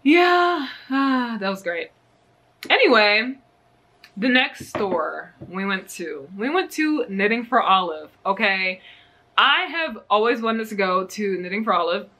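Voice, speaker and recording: A woman's voice: medium pitch, lively intonation, slow, bright, forceful tone. A young woman from the US chatting casually in a knitting vlog, bubbly and gushing, often giggling. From United States. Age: young adult. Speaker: knitting vlogger. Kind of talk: casual yarn haul chat.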